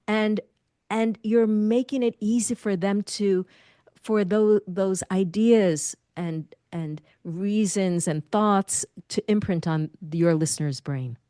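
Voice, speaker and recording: A middle-aged woman, a speaking confidence coach, giving lively advice in an interview and demonstrating different voice habits. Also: mid-range voice, a little slow, no room sound, clean studio sound.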